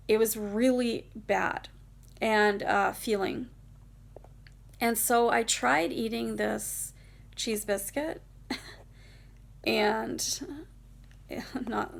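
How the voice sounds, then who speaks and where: A woman's voice: medium pitch, steady tone, a little slow, creaky. A young adult woman telling a personal story on her vlog in a casual, rambling way, full of "like" and "you know".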